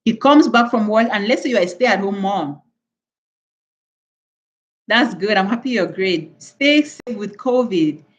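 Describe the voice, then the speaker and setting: A woman's voice: mid-range voice, animated, unhurried, long pauses, lo-fi sound. A woman from Cameroon hosting a live stream, lecturing her viewers in an emphatic way and repeating words for stress. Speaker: channel host.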